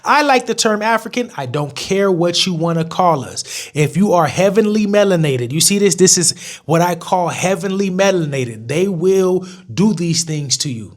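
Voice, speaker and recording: Young male vlogger, high voice, blunt and profane, casual rant to camera. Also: animated, normal speed.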